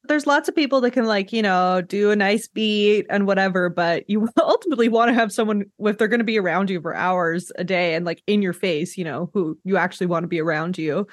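A woman's voice: medium pitch, fairly quick, hardly any pauses, dry recording, clean studio sound. Breezy woman podcast host. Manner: breezy, filler-heavy talk with laughs. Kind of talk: casual chat.

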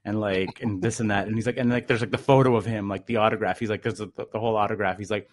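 A man's voice: on the low side, steady tone, fast talker, few pauses. A man telling a long story in casual chat, rambling with lots of fillers.

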